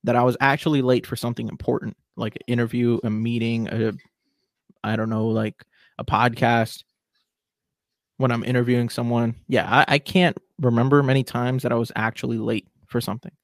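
A man's voice: mid-range voice, level tone, brisk, no room sound, clean studio sound. A man in his twenties hosting a solo podcast, talking casually and with strong opinions. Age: 20s. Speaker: podcast host.

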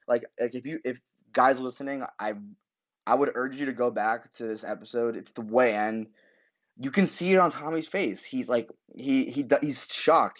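Excitable man recapping a TV episode. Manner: excitable, acts out scenes in high voices. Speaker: podcast co-host. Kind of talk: casual TV recap chat.

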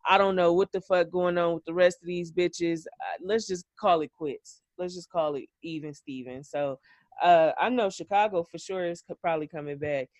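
A woman's voice: lowish voice, moderate pace, a little mellow, no room sound. A woman hosting a podcast, giving a blunt, profane, opinionated recap in casual chat. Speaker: podcast host.

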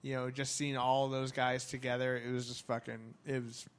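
A man's voice: mid-range voice, moderate pace, slight background noise. A man in casual chat, recapping an event with lots of ums and casual swearing. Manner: rambling, excited, swears freely, many ums.

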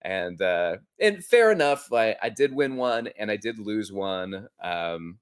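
A man's voice: lowish voice, lively intonation, unhurried, smooth. A middle-aged man hosting a podcast, telling a personal story in an earnest, reflective way with frequent restarts. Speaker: podcast host. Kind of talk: personal story and coaching talk.

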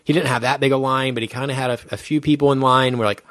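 A man at a middling pitch tells a long, rambling story on a podcast, stumbling over restarts as he goes. The sound is dry and close, with no room behind him. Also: quick pace, no room sound. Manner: animated, rambling anecdote with restarts. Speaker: podcast co-host.

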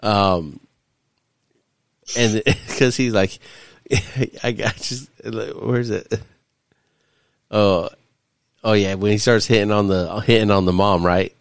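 A man's voice: fairly low pitch, fairly even intonation, takes it slowly, long pauses, no room sound, studio quality. A man hosting a podcast, recapping a movie in casual, profane chat and laughing often. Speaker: podcast host. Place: studio.

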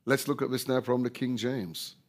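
A man preaching a sermon, slow and deliberate, who rises loud on scripture quotes and sinks low when he reflects. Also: steady tone.

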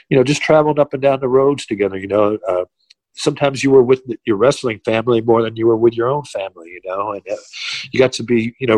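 A man's voice: mid-range voice, darkish tone, no room sound, rough recording. A man, telling old stories in a casual interview, full of "you know" fillers. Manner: rambling, many "you know" fillers, laughs at own stories. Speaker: podcast guest, retired wrestler.

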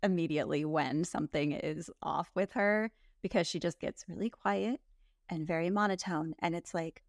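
A woman's voice: lowish voice, moderate pace, no echo, clean studio sound. A young woman co-hosting a casual chat, giving candid, opinionated takes and mimicking the people she discusses. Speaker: podcast co-host.

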